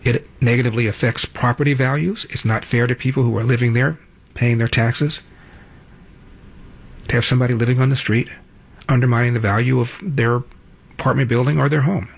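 A man's voice: medium pitch, gravelly, husky. A man in his seventies hosting a talk show, delivering a blunt, opinionated monologue in a studio and repeating his points for emphasis. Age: 70s.

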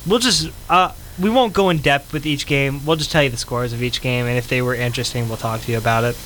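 A man in casual sports chat, quick and excitable, laughing often. He speaks at a middling pitch. Faint hiss sits under the recording. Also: rough recording. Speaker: podcast co-host.

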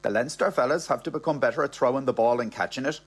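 A man's voice: mid-range voice, fast, slightly rough, lightly acted. A man with an Irish accent voicing a brazen middle-aged woman who talks in a breezy, matter-of-fact way. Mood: airy.

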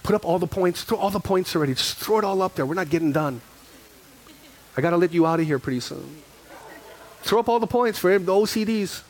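A man's voice: high voice, expressive, a little fast. Storytelling man pastor preaching. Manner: storytelling, acts out dialogue, repeats phrases for emphasis. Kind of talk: sermon.

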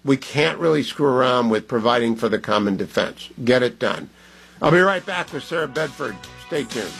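A man hosting a talk radio show, brisk and direct. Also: medium pitch, expressive, gravelly, fairly bright tone, soft background music.

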